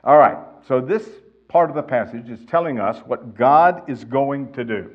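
A man's voice: mid-range voice, moderate pace, lo-fi sound. A male pastor teaching verse by verse, reading passages aloud with emphasis and then explaining them. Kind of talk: expository Bible teaching.

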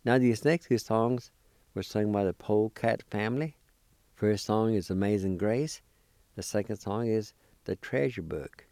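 Heard with no room sound, an unhurried man with a dark, lowish voice leads a slow radio language lesson. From Oklahoma, United States, he spells words out letter by letter and repeats each syllable.

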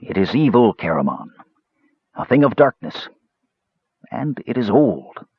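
A man voicing a frail male mage who speaks softly, quietly and with cool disdain. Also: mid-range voice, very animated, a little slow, husky, dry recording, highs cut off, heavily acted. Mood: grave. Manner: soft, quiet, cool and dismissive. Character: soft-spoken frail male mage, cold and cutting. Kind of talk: audiobook character voice.

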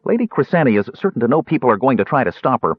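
A man voicing an excitable small male kender adventurer in a storybook reading, raising his voice high and sounding exasperated and pleading. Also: fast talker, breathy edge, no echo. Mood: eager. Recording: tinny phone-like sound.

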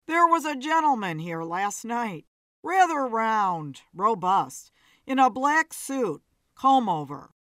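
A woman's voice: a little high, sing-song, slow, fairly bright tone, no room sound, clean studio sound, full character voice. A woman voicing a polite, slightly whiny man in a bow tie and glasses.

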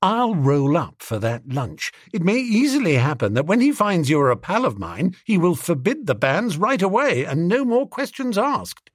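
A man doing a breezy, excitable young gent. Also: high voice, normal speed, few pauses, husky, dry recording, clean studio sound, pitched above the performer's own voice, heavily acted. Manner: excitable, chummy, exclamatory. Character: breezy impulsive young gentleman.

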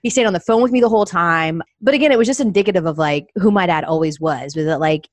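A young woman from Atlanta, a sports TV anchor telling family stories as a podcast guest, animated and quick to imitate her dad's voice. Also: no room sound. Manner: animated, acts out her dad's voice with big pitch jumps. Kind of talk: casual storytelling chat.

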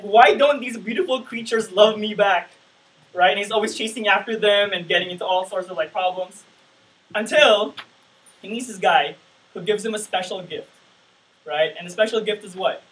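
A man's voice: high-pitched, normal speed, fairly bright tone, far from the mic, low-quality recording. A man preaching a sermon in a conversational way, often asking his listeners "right?".

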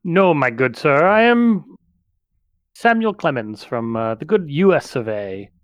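A man's voice: fairly high pitch, sing-song, measured pace, dry recording, studio quality. A man voicing a theatrical, self-assured male author who speaks grandly. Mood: grandiose.

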